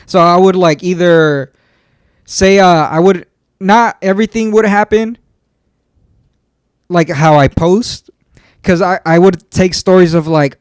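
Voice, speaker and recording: A man's voice: sits high, unhurried, long pauses, smooth, no room sound, studio quality. A man in his twenties co-hosting a podcast, telling stories in loose, profane casual talk. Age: 20s. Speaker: podcast co-host. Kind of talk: casual chat.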